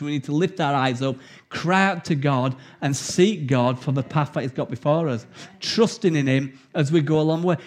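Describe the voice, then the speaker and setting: A man with an English accent preaching a sermon, telling stories with laughter and reading scripture earnestly. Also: fairly high pitch. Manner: anecdotal storytelling, animated and laughing.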